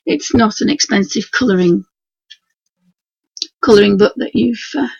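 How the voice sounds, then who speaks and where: A hoarse woman with a Yorkshire accent talks on a live stream, heavy on gravelly fry and very husky. Her voice sits a little high for a woman, and she rambles on in a homely way. The sound is dull and lo-fi, with a dry, close feel. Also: normal speed, no room sound. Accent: Yorkshire English. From Yorkshire, England. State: hoarse, croaky voice. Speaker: craft tutor streaming live. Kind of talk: chatty live painting demonstration. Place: at home at her work desk. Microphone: computer mic for a live stream.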